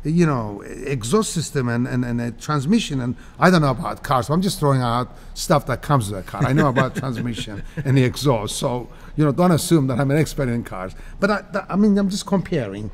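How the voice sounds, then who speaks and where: A man in his sixties from Cyprus, telling stories as a guest in a casual interview, animated and laughing often. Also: medium pitch, a little fast, hardly any pauses. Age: 60s.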